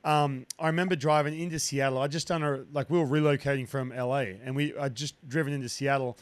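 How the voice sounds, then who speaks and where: Hosting a podcast, this Australian broadcaster in his thirties keeps a casual interview chat going with plenty of enthusiasm, often restarting his sentences. He talks fast, with a medium pitch and fairly even intonation.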